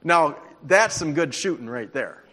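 A man preaching a sermon, telling stories in an animated, conversational way. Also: on the high side, normal speed. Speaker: pastor. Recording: long hall reverb.

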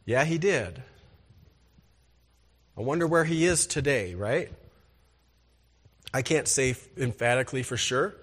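A man's voice: medium pitch, animated, a little slow, pauses often. A man preaching a sermon as pastor, emphatic and asking the congregation rhetorical questions.

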